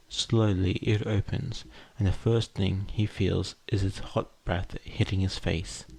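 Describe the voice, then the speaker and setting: Slow, low-voiced man reading fiction. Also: creaky, darkish tone, no room sound. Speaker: podfic reader. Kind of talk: scripted narration.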